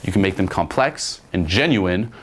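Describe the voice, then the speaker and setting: A man's voice: deep voice, animated, normal speed, fairly bright tone, husky. A man giving dating advice in a blunt, profane instructional monologue, often acting out little quotes. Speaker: dating coach.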